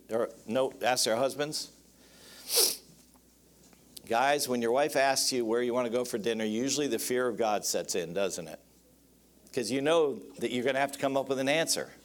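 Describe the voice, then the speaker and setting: A man's voice: medium pitch, moderate pace, pauses often. A man preaching a sermon on marriage in a folksy, joking way, often calling out to the congregation for an amen. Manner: folksy, joking, calls out for amens. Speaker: pastor.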